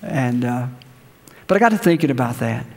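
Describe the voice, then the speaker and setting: A man's voice: mid-range voice, expressive, moderate pace, a little mellow. A man preaching a sermon as pastor, telling a story and leading the congregation in prayer. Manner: conversational preaching with anecdotes, ends in prayer. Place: church sanctuary. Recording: church hall reverb.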